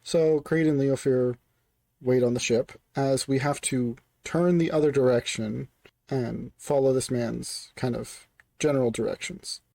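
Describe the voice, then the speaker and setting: A man's voice: medium pitch, fairly even intonation, unhurried, creaky, dark tone, no room sound. A young man casually retelling a tabletop game session as a story. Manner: casual, filler-heavy.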